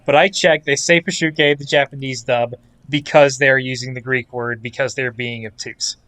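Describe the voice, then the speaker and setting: A man's voice: mid-range voice, steady tone, moderate pace, pushed and bright, no echo. Wry man hosting, dry sound. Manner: explanatory, wry. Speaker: podcast host. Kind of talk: casual podcast chat.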